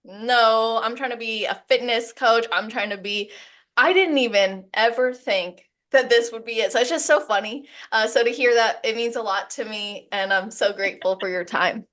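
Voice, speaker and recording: A woman's voice: a little high, moderate pace, a bit bright. A woman hosting a podcast interview, effusive and laughing often as she talks. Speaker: podcast host. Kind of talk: casual interview chat.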